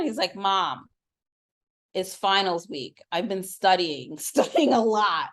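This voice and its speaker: A middle-aged woman co-hosting a podcast, telling a personal story in casual chat and acting out quoted lines with big jumps in pitch. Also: expressive, slow pace, fairly bright tone. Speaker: podcast co-host.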